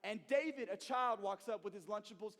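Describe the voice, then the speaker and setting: A young man preaching to a youth group, telling a story with lively, slangy energy. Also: high-pitched, fairly quick, big-room sound. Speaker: youth pastor. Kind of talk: sermon to youth.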